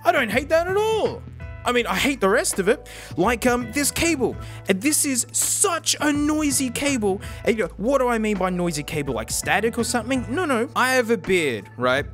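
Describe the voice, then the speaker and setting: An Australian man reviewing in-ear monitors in a casual, jokey vlog, full of slang and sudden swings in pitch. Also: big pitch swings, moderate pace, fairly bright tone, faint music behind. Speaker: tech reviewer.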